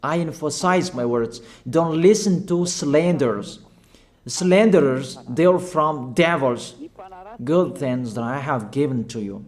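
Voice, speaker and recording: A man preaching a sermon, urging his listeners with repeated commands and slow, halting phrasing. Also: mid-range voice. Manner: emphatic, repetitive exhortation.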